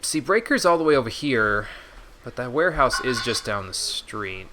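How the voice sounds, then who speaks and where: A man's voice: medium pitch, very animated, normal speed, noisy background. A man streaming a video game, reading menu text aloud and chatting casually with his viewers. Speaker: gaming streamer. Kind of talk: casual let's-play commentary.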